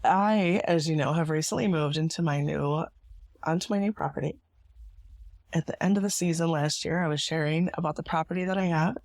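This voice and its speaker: Hoarse raspy-voiced woman podcaster, low and cracky, thoughtful, super dry sound. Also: darkish tone, no echo. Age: adult parent. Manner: reflective and earnest, with small laughs. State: hoarse, gravelly from illness. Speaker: podcast host. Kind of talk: solo podcast monologue.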